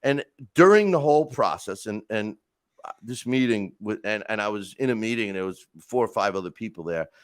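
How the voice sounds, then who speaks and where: A man hosting a podcast, talking through casual stories and rants in an animated way with lots of restarts. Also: lowish voice, a little fast, smooth, dry recording. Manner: animated storytelling, frequent restarts and asides. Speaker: podcast host. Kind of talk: casual monologue.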